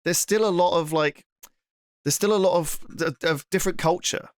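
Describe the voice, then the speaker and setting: A British man co-hosting a podcast, explaining points in a measured way with many restarts. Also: high voice, dry recording, studio quality. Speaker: podcast co-host. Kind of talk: casual chat.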